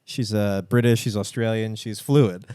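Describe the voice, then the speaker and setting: A man's voice: lowish voice, steady tone, measured pace, warm tone, clear, resonant tone, dry recording, clean studio sound. A man, co-hosting a comedy podcast and telling a rambling story, acting out the people he overheard. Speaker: podcast co-host.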